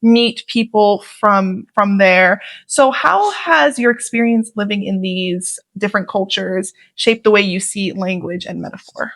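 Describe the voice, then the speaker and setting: A woman's voice: medium pitch, measured pace, few pauses, a bit bright, no room sound, rough recording. A woman hosting an interview. She is enthusiastic and hesitant, with many "um" fillers as she asks her questions. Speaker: interview host. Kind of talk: casual interview chat.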